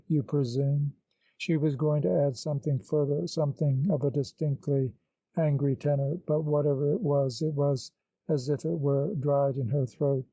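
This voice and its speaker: A man narrating an audiobook in a measured, literary storytelling manner. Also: a little high, warm tone, no room sound, poor audio.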